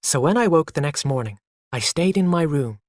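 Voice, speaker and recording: Lively, expressive storybook narrator. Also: mid-range voice, moderate pace, no echo, studio quality. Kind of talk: storybook narration for English learners.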